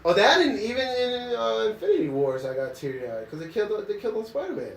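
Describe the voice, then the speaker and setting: Man, casual couch chat, lively swooping pitch, laughs a lot, distant mic, roomy echo. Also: quick pace, creaky. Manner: animated, laughing, acts out quotes in voices. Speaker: co-host. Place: living room couch. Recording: echoey room, mic at a distance.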